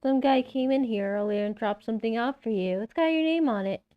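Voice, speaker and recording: A woman's voice: a little high, fairly quick, clean tone, lo-fi sound, close to an everyday voice. A woman voicing a shy young barmaid in a text game, speaking sweetly and politely. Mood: curious.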